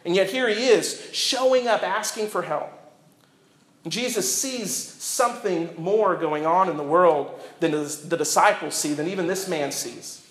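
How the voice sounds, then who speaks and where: A man preaching a sermon as pastor, earnest and reflective, with dramatic pauses. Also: sits high, fairly bright tone. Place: church. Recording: echoey church hall.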